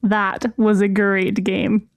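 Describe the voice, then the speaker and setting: A woman co-hosts a casual podcast, jumping in with eager guesses and playful teasing. Her voice sits at a middle pitch and the recording is close and dry. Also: little pitch movement, takes it slowly, no echo, muffled recording. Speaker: podcast co-host. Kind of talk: casual chat.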